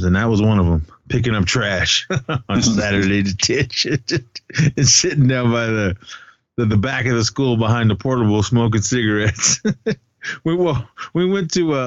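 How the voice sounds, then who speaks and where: A man's voice: mid-range voice, no room sound, muffled recording. Laughing, rambling man on a podcast. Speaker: podcast co-host. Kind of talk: casual movie chat.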